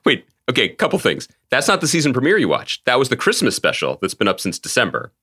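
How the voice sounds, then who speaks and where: Animated bright-voiced man, laughing. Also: medium pitch, quick pace, husky. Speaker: podcast co-host. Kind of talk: casual chat.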